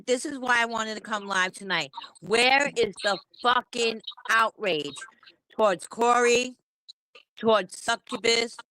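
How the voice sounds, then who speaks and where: A woman's voice: medium pitch, a bit bright, low-quality recording. A woman with a New York accent co-hosting a livestream, ranting angrily and swearing, with repeated rhetorical questions. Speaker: livestream co-host. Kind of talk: angry livestream rant.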